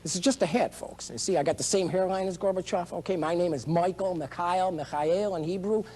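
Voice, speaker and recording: Brief: male political candidate, high voice, rambling and eccentric, digressive showman delivery. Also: a little fast, dark tone. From United States. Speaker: presidential candidate. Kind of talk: rambling campaign speech.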